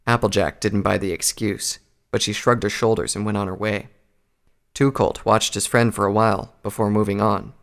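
A man narrating a story aloud in a steady, even storytelling manner. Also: lowish voice, creaky.

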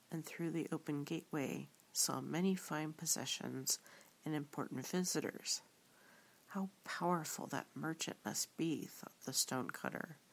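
A woman reading a story aloud in a soft, often whispered way. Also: sits low, gravelly. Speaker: reader.

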